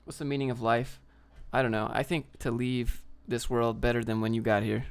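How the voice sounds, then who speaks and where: A man's voice: medium pitch, level tone, normal speed, smooth. Brash ranting man on a livestream. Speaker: livestream host. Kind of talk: casual livestream chat, reading viewer comments.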